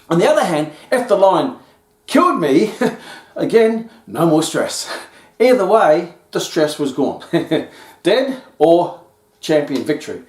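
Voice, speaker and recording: A man hosting a solo health talk, playful and acting out scenes as he explains. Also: fairly high pitch. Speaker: health podcast host. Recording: roomy echo.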